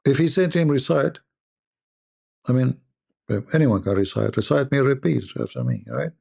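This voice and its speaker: A man's voice: medium pitch, expressive, fairly quick, vocal fry, dark tone. A man giving sarcastic reaction commentary in non-native English, with rambling asides.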